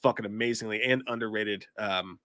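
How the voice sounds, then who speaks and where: A man's voice: lowish voice, steady tone, brisk, bright, forceful tone, no room sound. Coughing, profane livestream host, a man. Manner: profane, jokey, reads chat comments aloud. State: congested, coughing from illness. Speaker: livestream movie podcast host. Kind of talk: casual livestream chat.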